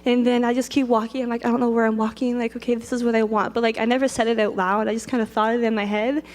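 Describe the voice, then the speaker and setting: A woman's voice: a little high, level tone, quick pace. A young woman telling a personal story in a chatty, rambling way. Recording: long reverb.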